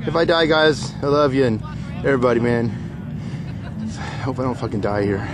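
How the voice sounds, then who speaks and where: A man filming a desert race from beside the course, swearing constantly, laughing nervously and shouting as trucks pass. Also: medium pitch, normal speed. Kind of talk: excited profane running commentary. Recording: loud vehicle noise outdoors.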